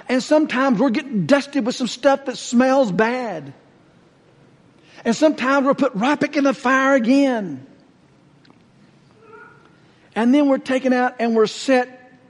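A man preaching a sermon, telling a story earnestly and slowing down to stress his points. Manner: earnest, slows and drops low to stress points. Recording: echoey hall reverb.

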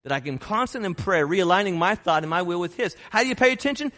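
High-voiced preacher in a reverberant hall. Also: male voice, expressive, fast, a bit bright. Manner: emphatic, repeats key phrases. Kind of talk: sermon. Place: church sanctuary. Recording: long reverb of a large hall.

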